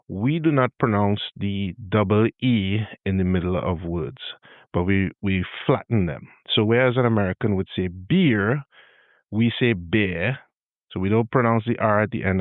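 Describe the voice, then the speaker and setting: Trinidadian man, podcast host teaching speech habits, low voice, good-humored, thin phone-like audio. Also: no echo. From Trinidad and Tobago. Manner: good-humored, spells out sounds slowly to demonstrate. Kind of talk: explanatory monologue, tutorial. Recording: dry, tinny phone-like sound.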